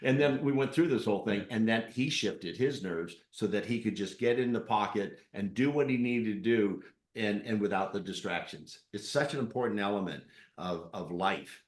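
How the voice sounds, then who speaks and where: A man interviewing a guest on stage, telling lively coaching stories with acted-out quotes. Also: on the low side, moderate pace, reverberant. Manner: animated storyteller with acted-out quotes. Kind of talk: live interview with storytelling.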